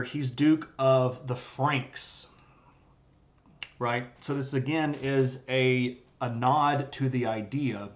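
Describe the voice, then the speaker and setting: A man with blocked sinuses giving a casual, chatty live-streamed history lecture with jokes and fillers. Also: medium pitch. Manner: chatty, jokey, many fillers.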